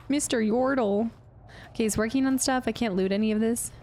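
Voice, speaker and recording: Chatty high-voiced woman streamer. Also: steady tone, moderate pace, darkish tone. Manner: chatty, giggly, reads chat aloud. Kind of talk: live gameplay commentary.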